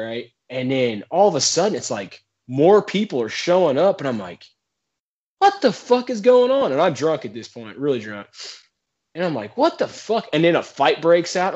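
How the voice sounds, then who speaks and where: A man's voice: medium pitch, expressive, moderate pace, darkish tone. A man casually telling a rambling, profane story to friends on a podcast, laughing often. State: drunk in the story only. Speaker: podcast co-host. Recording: muffled lo-fi podcast audio.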